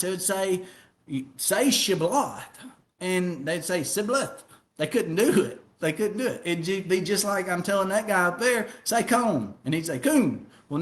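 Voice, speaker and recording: Folksy Southern preacher, high voice. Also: male voice. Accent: Southern American. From American South. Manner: folksy, storytelling, frequent "okay?" check-ins. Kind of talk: informal Bible teaching.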